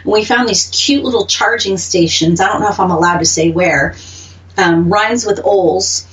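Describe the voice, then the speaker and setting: A woman's voice: mid-range voice, normal speed, distant mic. Chatty woman with an Oklahoma accent. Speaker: radio show co-host. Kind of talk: casual chat.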